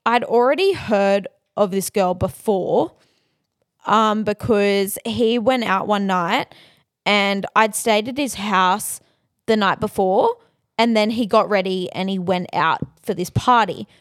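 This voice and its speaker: A woman's voice: mid-range voice, no room sound, clean studio sound. A young woman in her twenties with an Australian accent, co-hosting a podcast and candidly telling her own stories. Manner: candid, storytelling, quick laughs. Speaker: podcast co-host. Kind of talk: casual chat.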